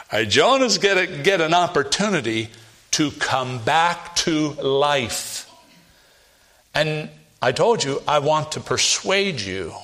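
A man preaching a sermon, reading scripture aloud and pressing his points with emphatic rises and low, weighty drops. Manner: emphatic, rising to loud stresses and dropping low for weight; reads scripture aloud in King James wording.

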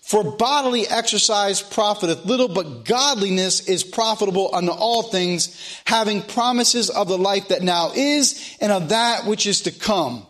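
A man's voice: high voice, normal speed, a bit bright. A man preaching a sermon, folksy and repeating phrases for emphasis.

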